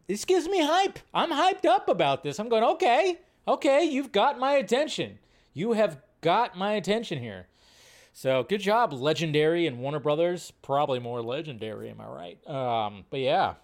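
A man with a fairly high voice and vocal fry hosts a casual live stream on movie news. He's very enthusiastic, riffing by repeating words again and again.

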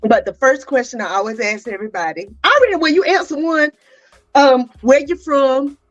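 An exuberant woman hosts a chatty live-stream interview. Her voice sits high, and the audio is dull and lo-fi. Faint music plays underneath. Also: lively intonation, normal speed. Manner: exuberant, chatty, greets viewers by name. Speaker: podcast host.

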